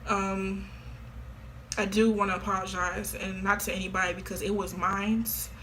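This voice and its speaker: Offhand slangy young-sounding woman, bright voice. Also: medium pitch, little pitch movement, normal speed, a little hiss or hum. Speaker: vlogger. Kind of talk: casual confession to camera.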